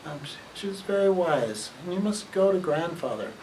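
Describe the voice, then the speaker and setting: A woman voicing a wise talking log that gives gentle, step-by-step directions. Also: on the low side, animated, normal speed, close to an everyday voice. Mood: guiding. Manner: gentle, instructive storytelling. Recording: distant mic, faint noise.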